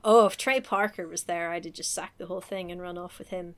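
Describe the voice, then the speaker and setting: A woman's voice: on the low side, a little fast, noisy background. Giggly rambling English woman. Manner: giggly, rambling, animated storytelling. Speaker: podcast co-host recapping a show. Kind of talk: casual chat.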